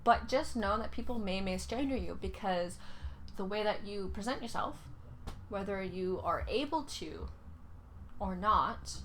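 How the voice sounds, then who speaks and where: A young woman from Canada giving casual reaction commentary, often pausing and searching for her words. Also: mid-range voice, a bit bright, slight background noise. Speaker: reaction video host.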